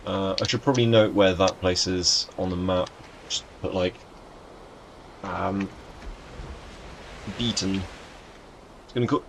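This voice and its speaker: A man's voice: fairly low pitch, a little hiss or hum. A young man chatting casually to his live chat as he streams a game, greeting viewers by name and joking around.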